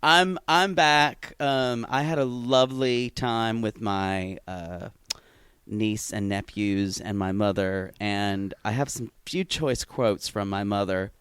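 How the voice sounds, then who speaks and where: A man co-hosting a podcast in casual comedic chat, animated and quick to laugh, slipping into mocking impressions. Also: on the low side, smooth. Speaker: podcast co-host.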